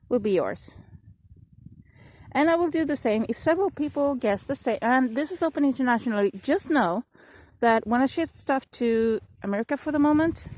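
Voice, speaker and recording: A woman's voice: on the high side, a little mellow, rough recording. A woman chatting casually to her viewers in a vlog, rambling and apologizing with laughs while she walks her dog, filming on a handheld phone outdoors by a frozen river. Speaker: vlogger. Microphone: phone held in hand while walking a dog. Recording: windy outdoor phone recording.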